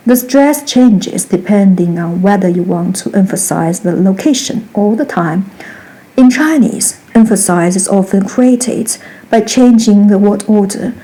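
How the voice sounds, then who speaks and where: Mellow-voiced woman teaching grammar. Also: mid-range voice, low-quality recording. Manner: reads example sentences twice, slow and precise. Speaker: Mandarin teacher. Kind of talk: scripted grammar lesson narration.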